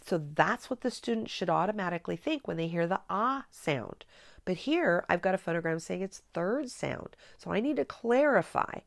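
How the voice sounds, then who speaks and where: A middle-aged woman with a slightly low voice walks through a spelling method, explaining each step clearly. She coaches patiently, as a teacher trainer would. The sound is dry and close, with no room around her. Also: lively intonation, normal speed, dry recording. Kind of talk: instructional demonstration.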